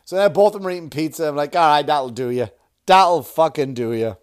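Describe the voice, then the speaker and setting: A man's voice: a little high, brisk, smooth. A man telling a rambling, profane, self-mocking story as a comedian hosting his own podcast. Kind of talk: casual storytelling monologue.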